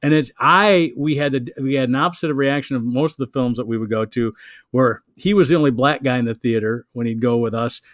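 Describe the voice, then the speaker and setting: Male comic, halting anecdotal chat, mid-pitched voice, dry room. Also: no echo. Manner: rambling, halting anecdote telling with many restarts. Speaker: comedian. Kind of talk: casual chat.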